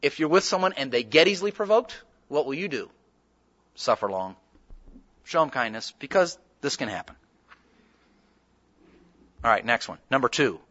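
A man preaching a sermon as pastor, telling a story with lively acted-out dialogue. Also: mid-range voice, moderate pace, pauses often. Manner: animated storytelling, acting out dialogue. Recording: dull lo-fi sermon recording.

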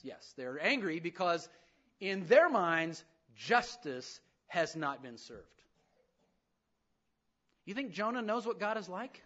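A man preaching a sermon in an animated way, acting out the voices of the people he talks about. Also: sits high, muffled recording. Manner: animated preaching, acts out voices, rising to loud emphasis. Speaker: pastor.

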